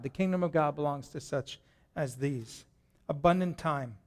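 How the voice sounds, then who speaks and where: A middle-aged man preaching a sermon to a congregation in a church, lively and joking as he talks to them directly. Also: on the high side, normal speed. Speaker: pastor.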